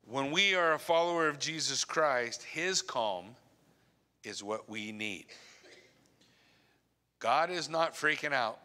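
A man preaching a sermon as pastor, earnest, often dropping to a hushed voice on key points. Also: medium pitch, animated, slow pace, pauses often. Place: church sanctuary. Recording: long church reverb.

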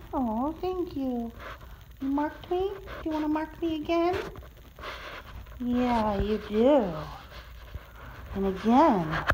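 A woman pet sitter coos at a cat in a client's home, her voice pitched a little high and swooping all over. She talks slowly and stretches her words into sing-song baby talk. She films the visit on a handheld phone. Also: noisy background. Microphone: handheld phone camera.

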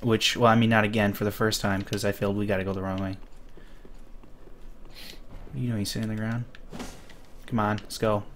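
A man's voice: fairly low pitch, flat delivery, fairly quick, pauses often, a bit bright, slight background noise. A man hosting a gaming channel, chatting casually and teasingly while playing a co-op game. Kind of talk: casual co-op gameplay chat.

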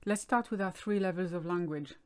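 Lower-voiced French woman, native French speaker, explains slowly and clearly for an online class. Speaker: French teacher. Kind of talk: online language lesson.

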